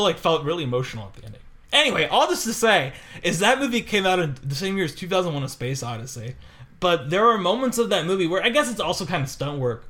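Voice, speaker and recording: A man co-hosting a podcast, chatting casually and telling long, animated stories with lots of fillers and laughter. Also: high-pitched. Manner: rambling, animated storytelling with many fillers and laughs. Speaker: podcast co-host. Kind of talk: casual chat.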